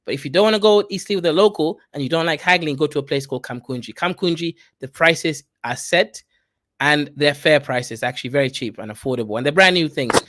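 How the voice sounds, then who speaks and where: Host, man from Kenya, chatty advice-giver, higher voice, dry close sound. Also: brisk, fairly bright tone, no echo. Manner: chatty, advice-giving, says "right?" often. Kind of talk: casual chat with friends.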